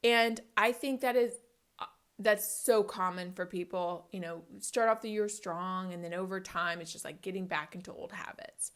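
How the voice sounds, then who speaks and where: A woman's voice: on the low side, normal speed, clear, resonant tone. A woman in her thirties talking to camera at home in a chatty, upbeat, rambling way. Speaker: vlogger. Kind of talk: casual talk to camera.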